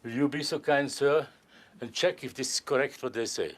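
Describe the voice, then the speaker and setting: A man's voice: mid-range voice, moderate pace. An older man performing as a stage magician, joking and courtly with volunteers in careful. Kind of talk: live magic performance patter.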